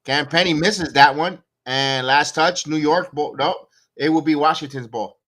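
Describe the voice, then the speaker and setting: In an unhurried, fairly bright voice on the high side, a man runs a live fan watch-along. He calls the plays one at a time and slips into sarcastic remarks and rants aimed at the coach.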